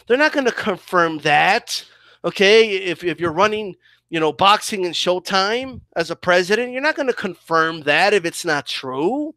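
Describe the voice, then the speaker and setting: A man's voice: sits high, sharp tone, no room sound. Fired-up man ranting about boxing. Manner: fired up, repeats "okay?" and "right?". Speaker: boxing commentator. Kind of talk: heated opinion rant.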